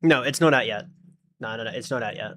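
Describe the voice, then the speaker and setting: Australian male streamer, mid-pitched, rambling and chatty, talks to chat as he tinkers. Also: fast, a bit bright, slight background noise. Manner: chatty, thinks aloud, talks to chat while fiddling with the game. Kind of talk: casual live-stream chat.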